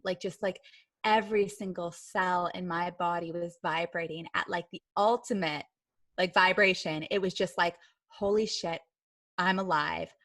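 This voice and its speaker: A woman's voice: on the low side, a bit bright, dry recording. A woman guest on a podcast, telling a personal story in a chatty way, full of filler words. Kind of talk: storytelling in a casual interview.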